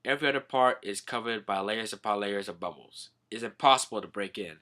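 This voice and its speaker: A man's voice: on the low side, a little fast, sharp tone. A man voicing a formal, earnest young male prince speaking politely.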